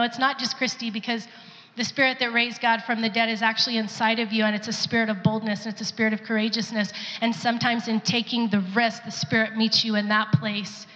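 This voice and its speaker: A woman's voice: on the high side, fairly bright tone, big-room sound, lo-fi sound. A woman sharing an earnest testimony in a church service, now and then acting out the voices of people she quotes. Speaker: pastor's wife sharing testimony. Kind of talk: sermon testimony.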